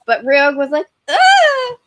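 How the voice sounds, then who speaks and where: A woman co-hosting a casual chat show, talking in an animated way and acting out cartoon characters. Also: high-pitched, brisk, no room sound. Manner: animated, acts out cartoon voices. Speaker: podcast co-host.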